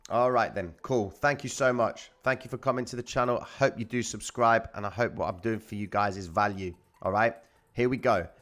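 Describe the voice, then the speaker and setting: A man's voice: on the low side, a little fast, fairly bright tone. A man hosting a trading live stream, teaching viewers in a casual, blunt way, swearing freely and repeating his points to the chat.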